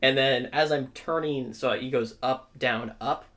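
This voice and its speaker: Bright-voiced young man telling a story. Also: mid-range voice, measured pace. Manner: animated, frequent "right?" and "okay?" check-ins. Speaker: podcast co-host. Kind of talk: casual storytelling chat.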